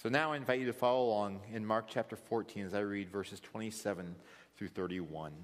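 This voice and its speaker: A man's voice: on the low side, brisk. A man teaching a Bible study, explaining scripture thoughtfully and acting out quoted lines. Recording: long hall reverb.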